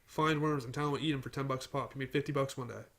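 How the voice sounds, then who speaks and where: A man's voice: mid-range voice, fairly even intonation, racing, vocal fry, a bit bright. A young man hosting a casual podcast, telling rambling stories and teasing his friends. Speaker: podcast host. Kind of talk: casual chat.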